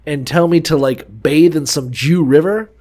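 A man's voice: on the high side, normal speed, darkish tone, natural voice. A man voicing a proud, indignant foreign commander who rants and swears. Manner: profane, ranting.

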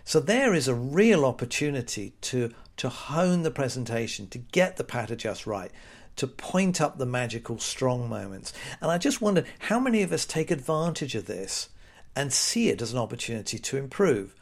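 A man's voice: medium pitch, very animated, moderate pace. A British man hosting his own podcast, talking casually and sarcastically, often slipping into quoted voices. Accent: British English. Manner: wry, sarcastic, chatty with mock-quoted voices. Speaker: podcast host. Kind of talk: casual solo podcast monologue.

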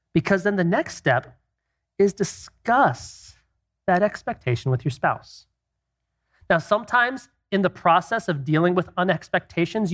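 Speaking in a high-pitched voice, a man teaches on Christian marriage in a relaxed, conversational style. He leans on rhetorical questions and drops in casual asides.

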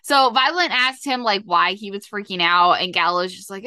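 Bright, chatty young woman podcaster. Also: medium pitch, normal speed, smooth, no echo, studio quality. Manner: chatty, acts out quotes, lots of "like". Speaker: podcast co-host. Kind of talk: casual TV episode recap.

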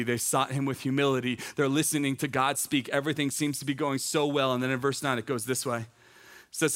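A man's voice: medium pitch, fairly bright tone. Earnest man preaching a sermon. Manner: conversational, earnest, repeats phrases for emphasis. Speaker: teaching pastor.

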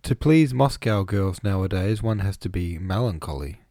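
A man's voice: low-pitched, expressive, normal speed, dark tone, no echo, studio quality. A man voicing a kindly, good-humoured young count in an audiobook, amused and conversational. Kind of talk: audiobook reading.

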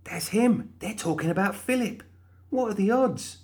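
A man's voice: sits high, normal speed, darkish tone, pitched above the performer's own voice. Molly, a man doing a chirpy undead woman. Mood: excited. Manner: chirpy and sweetly indignant. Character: cheerful, prim undead young woman.

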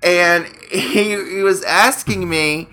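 A man with a very bright, sharp-edged voice, slightly high for a man, rambling through stories in relaxed podcast chat. He swears casually and drifts between tangents. Faint music plays behind him. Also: takes it slowly. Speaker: podcast co-host.

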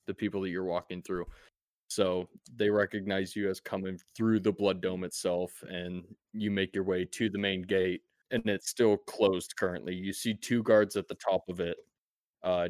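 Low-voiced man narrating a tabletop game. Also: no room sound, studio quality. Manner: laid-back, profane, with many fillers. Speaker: game master.

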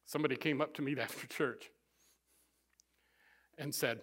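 A man's voice: medium pitch, steady tone, normal speed, pauses often, a bit bright, husky. A middle-aged man preaching a sermon as pastor, emphatic, building his points through repeated phrases.

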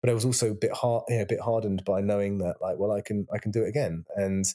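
British male guest, low-pitched, rambling chat with restarts. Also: steady tone, quick pace, warm tone. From England. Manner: rambling, many restarts and repeated words. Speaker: guest, actor and writer. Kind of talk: casual interview chat.

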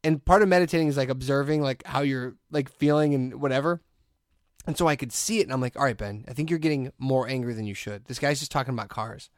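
A man's voice: mid-range voice, fast, dry recording, studio quality. A man co-hosting a podcast in casual chat, animatedly telling a story and acting out the people he quotes. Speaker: podcast co-host.

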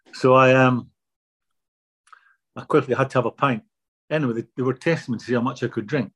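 An older man being interviewed, telling anecdotes in a relaxed, self-deprecating way. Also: medium pitch. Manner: anecdotal, self-deprecating, repeats words when starting. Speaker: guest.

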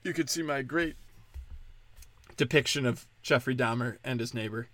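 A man's voice: mid-range voice, moderate pace, fairly bright tone, no room sound. A man hosting a podcast, talking in a loose, rambling, sarcastic way and swearing often. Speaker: podcast host. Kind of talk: casual rambling monologue.

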